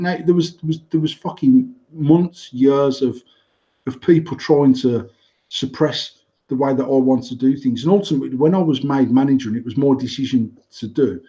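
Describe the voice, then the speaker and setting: A man's voice: mid-range voice, warm tone, muffled recording. A man in his forties from England, a company director co-hosting a podcast, talking bluntly with lots of swearing and restarts. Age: 40s. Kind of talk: casual chat.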